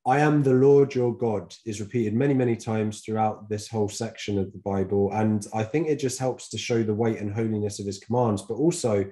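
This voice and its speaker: A man's voice: on the low side, fairly even intonation, a little fast, few pauses, warm tone. A man from Britain co-hosting a Bible reading podcast, talking in an easygoing, reflective way with many fillers. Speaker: podcast co-host. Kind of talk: casual podcast chat about Bible reading.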